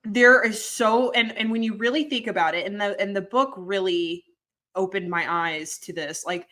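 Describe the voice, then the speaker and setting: A woman's voice: mid-range voice, moderate pace, bright, forceful tone. A woman co-hosting a podcast, talking in an earnest, reflective way. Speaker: podcast co-host. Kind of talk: casual podcast chat.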